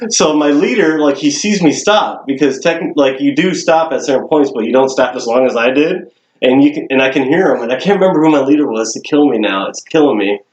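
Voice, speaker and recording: A man's voice: medium pitch, a little fast, echoey room. A young man casually telling a story on a podcast, swearing and laughing often. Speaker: podcast co-host.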